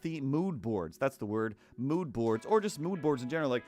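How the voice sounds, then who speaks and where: A man's voice: medium pitch, lively intonation, a little fast, darkish tone, faint music behind. A Canadian man rambling casually on a live stream while he draws, self-mocking and full of fillers and restarts. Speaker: streamer and cartoonist.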